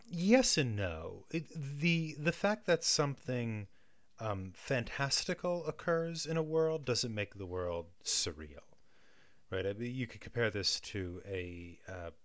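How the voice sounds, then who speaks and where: A man's voice: deep voice, fairly bright tone, no echo. A man in a casual analytical chat, thinking aloud with many restarts and frequent checks of "right?". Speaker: guest discussing film and theatre.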